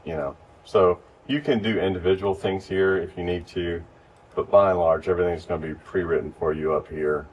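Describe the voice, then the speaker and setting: A man giving relaxed, step-by-step training to church volunteers, recorded in a church. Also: sits low, brisk, lo-fi sound. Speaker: lighting instructor. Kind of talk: casual hands-on training. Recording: distant mic with faint noise.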